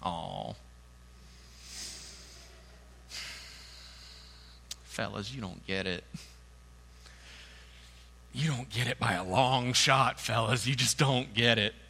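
A man preaching puts on the voice of Jesus, gently teasing his overconfident followers in a mock-sweet way. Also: sits high, wildly swooping pitch, slow pace, pauses often, a little hiss or hum, voice pushed up, heavily acted. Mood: pitying. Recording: long hall reverb.

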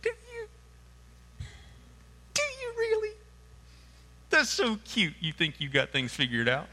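A preacher voicing Jesus as a grown man who teases his followers in a mock-sweet, gently amused way. The voice swings far above the preacher's own register. A long hall reverb trails each line. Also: sits high, wildly swooping pitch, slow, voice pushed up, full character voice. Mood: teasing.

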